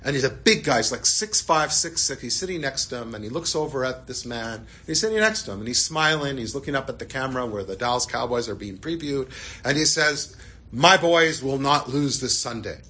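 A man, a rabbi, telling a story as part of a sermon, animated at times and dropping to hushed tones at others. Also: medium pitch, fairly quick.

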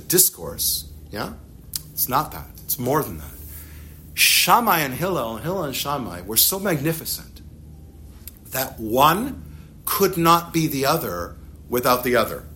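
A man teaching a religious text to a class, lively and animated, acting out little dialogues as he explains. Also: mid-range voice, a little hiss or hum. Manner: animated, acts out dialogues with shifting loudness.

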